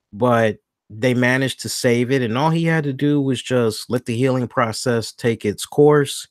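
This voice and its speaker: A man hosting a solo podcast, rambling along in casual talk and stopping now and then to correct himself. His voice sits at an ordinary middle pitch. The recording is dry and close, with no room sound. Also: no echo. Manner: rambling, self-correcting, thinks aloud. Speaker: podcast host.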